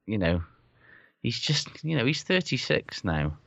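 A man's voice: mid-range voice, sing-song, measured pace, vocal fry, a bit bright, no room sound. A man co-hosting a rugby podcast, talking bluntly and swearing a lot. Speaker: podcast co-host. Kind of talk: casual chat about rugby. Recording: dull, dry lo-fi sound.

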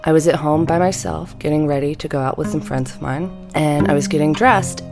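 A woman in her fifties with a deep, low voice tells a personal story for a podcast. She takes her time and slows down on the words that matter. A music bed plays steadily under her voice. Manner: measured, deliberate storytelling with slowed emphasis.

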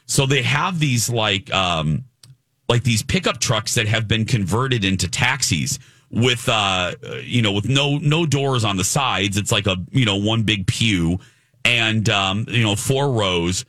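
A man hosting a talk show, telling a travel story in a rambling, animated way with lots of fillers. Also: fairly low pitch, measured pace, no echo, studio quality. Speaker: radio show host. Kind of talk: casual storytelling chat.

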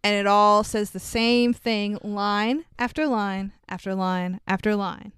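A woman co-hosts a podcast and recaps a movie in a chatty way, swearing and laughing as she goes. Her voice is very smooth and resonant. It sits close and dry, with no room sound. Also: medium pitch, steady tone, unhurried, fairly bright tone, dry recording. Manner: chatty, swears, laughs often, acts out quotes. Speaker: podcast co-host.

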